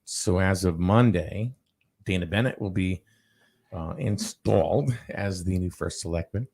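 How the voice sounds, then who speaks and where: Male talk show host, low-ish voice, animated, quick with quips, casual banter. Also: creaky.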